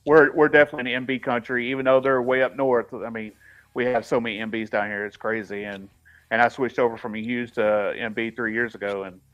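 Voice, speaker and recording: A man co-hosts a racing chat, chatty and quick to agree with his guests. His voice sits at an ordinary middle pitch. It comes through slightly dull, lo-fi audio. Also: little pitch movement, a bit bright. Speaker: podcast co-host. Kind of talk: casual chat.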